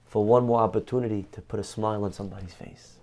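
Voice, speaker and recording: A man voicing a humble, saintly old man who speaks gently and reassuringly from heaven, in a storytold Torah class. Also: on the low side, fairly even intonation, quick pace, pitched below the performer's own voice, natural voice. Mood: wistful.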